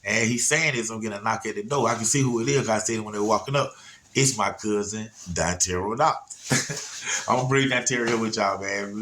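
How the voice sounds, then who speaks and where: Guy with a lowish voice, rambling laid-back storytelling to his viewers, keeps saying you know what im saying. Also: bright, forceful tone, slight background noise. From Atlanta area, USA.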